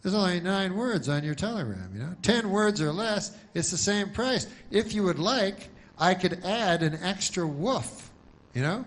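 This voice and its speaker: A man's voice: high voice, animated, unhurried, voice pushed up. A man voicing a chatty telegram office clerk in a joke, sounding helpful and chummy.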